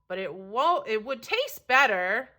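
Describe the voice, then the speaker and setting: A woman's voice: on the high side, very animated, measured pace, sharp tone, heavily acted. A woman voicing two cheerful traveling cooks who chant in a sing-song way in a storybook read-aloud. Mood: eager.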